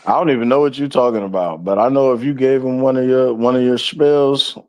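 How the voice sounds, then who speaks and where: A man's voice: medium pitch, brisk, clear, resonant tone. A man chiming in on a streamed chat with laughing, teasing interjections. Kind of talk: casual chat.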